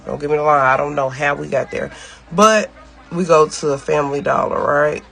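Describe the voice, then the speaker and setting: A man telling a personal story to camera in a sassy, profane, animated way, talking straight to his viewers. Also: on the high side, moderate pace, creaky, faint music behind.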